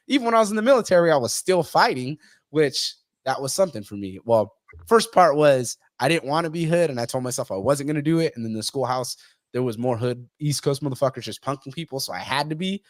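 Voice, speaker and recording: A man's voice: mid-range voice, animated, fast, dry recording, studio quality. A man talking bluntly on a podcast, swearing a lot and acting out the people he quotes. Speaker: podcast guest. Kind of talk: casual podcast conversation.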